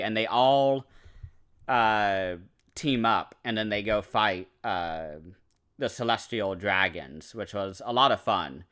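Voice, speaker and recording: A man's voice: fairly low pitch, bright, forceful tone. A man giving a casual, enthusiastic anime review, rambling with fillers and self-corrections.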